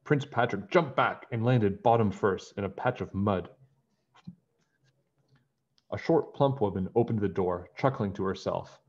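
A man reading a children's picture book aloud in a friendly, animated way. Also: on the low side, measured pace, pauses often. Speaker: storybook reader. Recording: dull lo-fi home recording.

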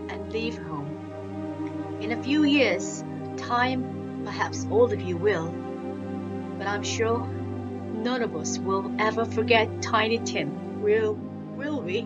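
Woman reading as a gentle grieving father. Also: medium pitch, slow pace, pauses often, lightly acted. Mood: tender. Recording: dull lo-fi, new-age music behind.

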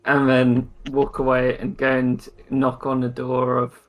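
A man's voice: medium pitch, completely flat delivery, measured pace. A man playing a tabletop role-play game, casually describing what his character does. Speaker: player.

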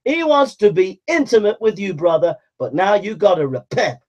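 A man preaching a fiery sermon, calling listeners to repent with forceful, repetitive exhortations and shouted commands. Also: high-pitched, big pitch swings, moderate pace. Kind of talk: fiery street-style sermon. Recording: dull lo-fi recording.

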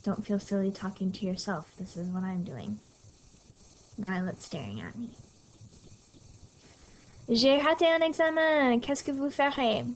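A woman's voice: mid-range voice, animated, normal speed, a little mellow. A woman teaching French to her class in a casual, chatty recorded lesson, with small apologetic asides, on scratchy audio from a tablet mic at home. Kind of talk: recorded lesson over slides.

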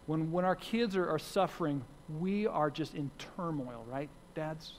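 A man's voice: a little high, unhurried, a little hiss or hum. A man preaching a sermon as pastor, earnest and repeating key phrases for emphasis. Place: church sanctuary. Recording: long hall reverb.

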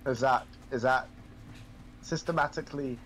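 A man's voice: mid-range voice, moderate pace, fairly bright tone, slight background noise, low-quality recording. A young man playing a game with a friend, bantering playfully with lots of ums and likes. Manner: playful, joking banter with a lot of fillers. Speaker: co-player. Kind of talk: casual gaming chat.

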